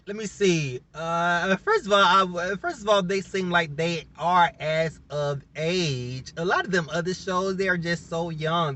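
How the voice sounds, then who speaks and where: A man's voice: on the high side, bright, forceful tone. A man casually reviewing a reality show on his vlog, rambling, laughing often and openly emotional.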